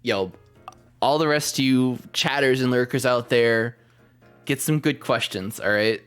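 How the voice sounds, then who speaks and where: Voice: medium pitch, unhurried, a bit bright, clean tone, soft background music. A podcast host chatting casually on a livestream, rambling with lots of fillers and the odd swear word.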